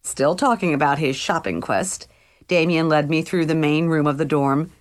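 A woman's voice: deep voice, moderate pace. A woman reading a first-person novel aloud as an audiobook narrator, in a wry, conversational storytelling manner.

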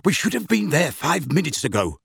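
Brief: man playing a frazzled, rushing wizard father, lively urgent delivery, dry close mic. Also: on the high side, vocal fry, husky, no room sound, full character voice. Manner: urgent, breathless hurry. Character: anxious, hurried middle-aged male wizard official.

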